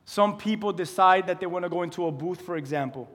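A man's voice: sits high, fast, fairly bright tone. A male pastor preaching a sermon in a church, talking conversationally and asking his listeners questions. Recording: long reverb of a large hall.

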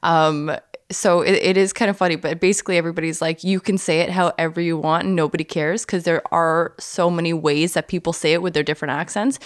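A woman, co-hosting a podcast in casual chat, talkative and quick to laugh. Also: on the low side, steady tone, dry recording, clean studio sound. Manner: chatty, laughs often, explains at length. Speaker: podcast co-host.

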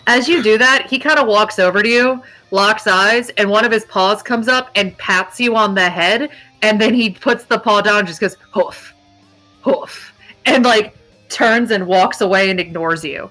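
A woman's voice: medium pitch, moderate pace, pushed and bright, faint music behind, rough recording. A woman narrating as game master, casual and chatty, with plenty of fillers. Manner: casual, filler-heavy narration with dog noises.

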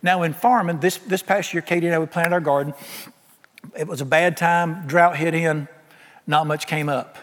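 A man preaching a sermon, folksy and animated, often acting out what people say. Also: fairly high pitch, normal speed. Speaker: pastor. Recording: long hall reverb.

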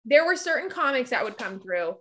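A woman's voice: fairly high pitch, very animated, fairly quick, sharp tone. A woman telling work stories in casual chat, full of restarts. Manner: chatty storytelling with frequent restarts. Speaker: podcast guest recalling past work as a comedy club server.

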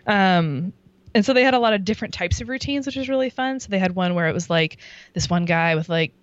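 A woman's voice: medium pitch, lively intonation, quick pace, dry recording, highs cut off. Chatty woman, full of likes. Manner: chatty, filler-heavy with many likes and ums. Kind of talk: casual chat, recounting a show.

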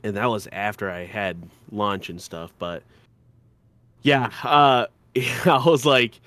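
A man's voice: fairly low pitch, slow, pushed and bright, dry recording. A man co-hosting a podcast in casual chat, blunt and joking, swearing often. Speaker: podcast co-host.

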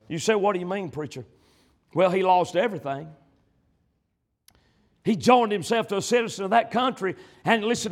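A male preacher delivering a sermon, emphatic and swinging between loud passages and hushed ones. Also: high-pitched.

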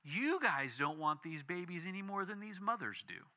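A man in his fifties preaching a sermon, telling a personal story with big swings between loud and hushed. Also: normal speed. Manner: animated storytelling with big swings in pitch and volume. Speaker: pastor.

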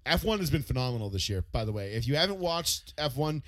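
A man's voice: medium pitch, sing-song, fast, a bit bright, no echo. A man in his thirties from the United States, co-hosting a podcast in loose, profane, rambling casual chat full of fillers. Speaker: podcast co-host.

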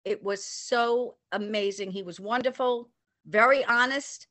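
Older woman, animated storyteller, dry close sound, voices the people she quotes. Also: on the high side, unhurried, dry recording. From New York area. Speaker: storyteller recounting a personal memory. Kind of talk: casual anecdote.

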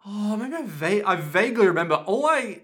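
A man's voice: high-pitched, very animated, a little fast, a bit bright. A man co-hosting a podcast, chatting casually, swearing and breaking into goofy impressions. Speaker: podcast co-host. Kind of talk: casual comedic recap chat.

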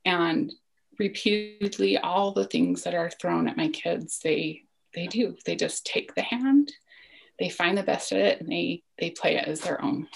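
Guest, woman, 40s, low gravelly voice, reflective and earnest, slips into near-whispers. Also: measured pace, low-quality recording. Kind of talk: personal storytelling in a podcast interview.

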